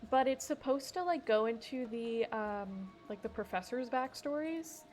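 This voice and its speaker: A woman's voice: on the high side, lively intonation, normal speed, darkish tone. Casual, foul-mouthed young woman streamer. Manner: rambling, swears freely, laughs often. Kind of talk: casual gaming stream chat. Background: background music.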